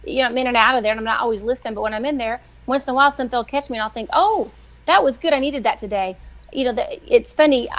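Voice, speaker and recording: A middle-aged woman, a weekly guest who writes devotionals, telling faith stories in a chatty, animated way. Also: on the high side, racing, few pauses. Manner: chatty, animated, acts out quoted voices. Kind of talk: casual faith storytelling on a live show.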